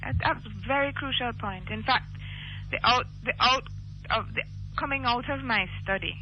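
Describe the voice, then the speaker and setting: A man's voice: very high-pitched, normal speed, soft background music. A man appearing as an academic guest on a radio talk show, speaking articulately and earnestly with firm emphasis. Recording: dull lo-fi radio archive.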